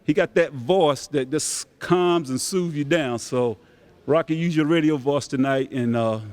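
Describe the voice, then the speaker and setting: An older man, a community center director making relaxed, grateful announcements at a banquet. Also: a little high, measured pace. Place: banquet hall.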